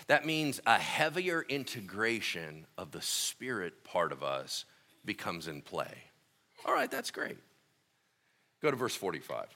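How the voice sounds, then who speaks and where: A man preaching a sermon in a relaxed, conversational way, reading scripture and retelling stories with lively asides. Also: on the low side, unhurried, pauses often. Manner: conversational and animated, acting out scenes. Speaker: pastor.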